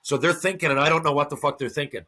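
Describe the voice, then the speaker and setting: A man's voice: fairly high pitch, very fast. A middle-aged man, a podcast guest, telling a story in casual, profane talk and acting out the voices of the people in it. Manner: profane, animated, acts out quoted voices.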